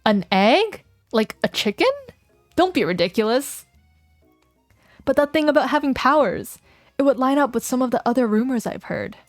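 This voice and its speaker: A woman's voice: sits high, animated, moderate pace, no room sound, faint music behind. A woman streamer reading a dating game aloud in a playful, casual way, chatting with her viewers between lines. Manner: playful, laughs often, reads game text aloud.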